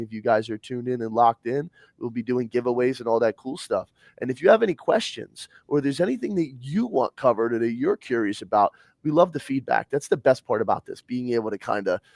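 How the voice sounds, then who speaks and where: A man's voice: mid-range voice, no room sound, clean studio sound. A man hosting a casual livestream, upbeat and slangy, greeting viewers by name. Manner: upbeat, slangy, gives shout-outs. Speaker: livestream host.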